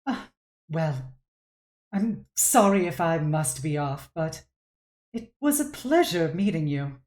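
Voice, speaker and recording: Woman playing a polite, quietly menacing stranger, smooth delivery. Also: low-pitched, animated, slow, echoey room. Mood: sweetly menacing. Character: sinister polite middle-aged woman.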